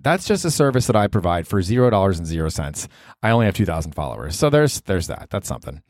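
A man's voice: fairly low pitch, big pitch swings, fast talker, dry recording, studio quality. A man hosting a casual solo podcast from his apartment, rambling and self-deprecating, sometimes jumping into mock voices. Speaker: podcast host.

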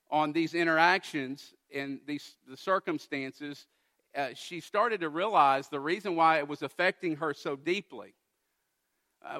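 A man delivers a sermon to his congregation, earnest and pressing his points home with emphasis. His voice sits a little high and rings bright. He speaks as a pastor addressing his church. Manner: earnest, builds to emphatic exhortation.

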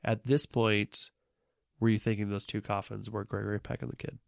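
A man's voice: on the low side, flat delivery, normal speed, vocal fry, no room sound, studio quality. A man co-hosting a podcast, casually recapping a movie plot in a laid-back way with fillers. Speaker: podcast co-host.

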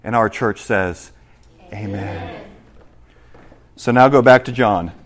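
A man preaching a sermon in church, dropping to quiet asides and rising to loud, slowed, climactic scripture reading. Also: on the low side, slight background noise. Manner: preaching with big swings between soft asides and loud, slow, climactic reading. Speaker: pastor.

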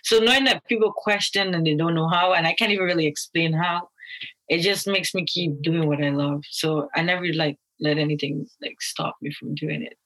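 A young woman from Guyana speaks in a casual, loose interview manner, stacking fillers and restarting her sentences. Her voice sits a little low for a woman. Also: normal speed, low-quality recording. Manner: casual, many fillers and restarts, quotes others in lively voices. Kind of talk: candid interview talk.

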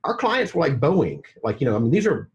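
A man with a Southern American accent, a guest telling his story in a casual podcast interview, animated, laughing often and acting out quotes. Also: on the high side, fairly quick, dull audio, a crowd in the background. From United States. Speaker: guest, agency coach.

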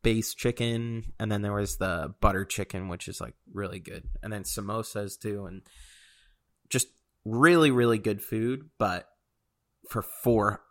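A man with a fairly low voice tells a loose, meandering story on a casual chat show. He fills pauses with ums and uhs, repeats himself, and often chuckles as he talks. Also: a bit bright. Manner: rambling storyteller, many fillers, chuckles often.

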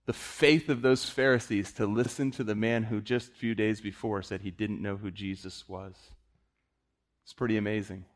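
A man's voice: on the low side, fairly even intonation, normal speed. A man preaching an impassioned sermon, pressing his points with repeated phrases.

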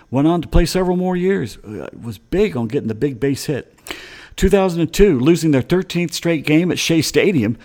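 His voice sits on the high side and is a little mellow. A middle-aged sports radio host, he reads baseball history on a casual talk show, rambling into anecdotes with frequent chuckles.

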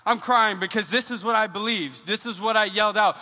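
Young pastor, high and very bright voice, lively storytelling sermon, long church reverb. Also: male voice, fairly quick, few pauses. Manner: animated storytelling, repeats words when excited.

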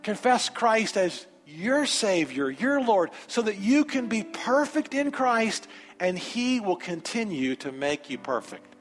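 A man preaching a sermon in a large church sanctuary, telling a personal story with animated energy and then moving into an emphatic altar call. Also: high-pitched, a little slow. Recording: reverberant sanctuary with faint music.

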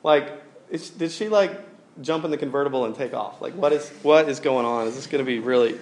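A man's voice: mid-range voice, fairly quick, a little hiss or hum. Guy in his 30s preaching, super casual and rambly, lots of um and like. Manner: casual, rambling storytelling with many fillers. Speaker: pastor. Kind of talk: sermon with personal story.

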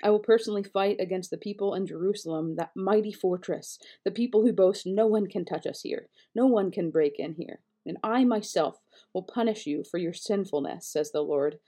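Mellow-voiced woman reading scripture. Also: medium pitch. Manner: measured, steady read-aloud delivery with occasional self-corrections. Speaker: Bible reader.

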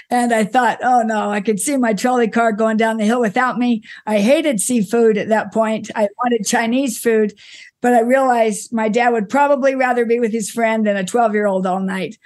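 Middle-aged woman, interview guest, slightly high pitch, reminiscing with restarts. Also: steady tone, moderate pace. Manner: warm reminiscing with frequent restarts and soft laughs. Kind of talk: conversational storytelling.

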